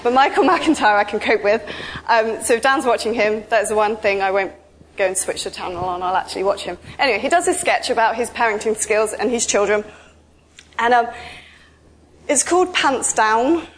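A woman giving an informal, chatty sermon, telling stories with lively asides. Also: on the high side, normal speed, slight background noise. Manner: chatty, animated storytelling with asides. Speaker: preacher.

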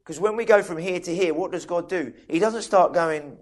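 A man preaching a sermon in a conversational way, restarting sentences and asking listeners questions. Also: a little high. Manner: conversational, with many quick restarts and asides to listeners.

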